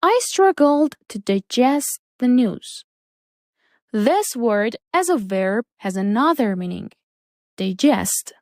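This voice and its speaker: A woman teaching a lesson, reading out words and example sentences slowly and deliberately. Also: a little high, very animated, darkish tone, no room sound, studio quality. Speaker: English teacher. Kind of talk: slow, careful English lesson.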